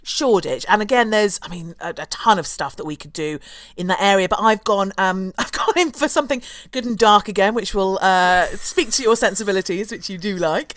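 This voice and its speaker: A woman's voice: medium pitch, brisk, fairly bright tone, dry recording. Giggly woman co-hosting a podcast. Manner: giggly, laughs often. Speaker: podcast co-host. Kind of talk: casual chat.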